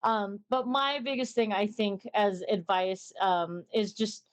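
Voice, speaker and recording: A woman's voice: medium pitch, slow pace. A young woman streamer chatting casually in an interview, rambling and acting out little conversations in a lifted voice.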